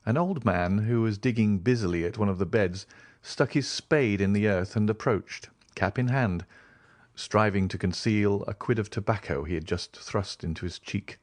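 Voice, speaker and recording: A man narrating a classic novel as an audiobook, reading in an expressive, varied way. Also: fairly low pitch, normal speed, dry recording.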